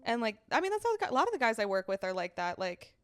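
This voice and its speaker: Swearing, quick-laughing young woman co-host. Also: on the high side, very animated. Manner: swears freely, laughs and talks in quick bursts. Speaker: podcast co-host. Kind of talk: casual chat.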